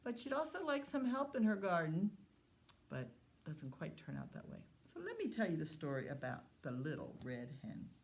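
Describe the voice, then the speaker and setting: A woman who is a children's librarian, telling a story to young children at story time in a slow, sing-song way. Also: fairly low pitch, very animated, slight background noise.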